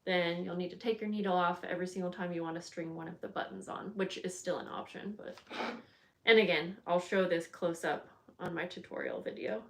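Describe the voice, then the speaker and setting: Chatty woman crafting live on stream. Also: fairly low pitch. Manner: chatty and scattered, greeting viewers and thinking aloud while she works. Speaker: bookbinding crafter hosting a livestream. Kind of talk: casual chat while working on a craft.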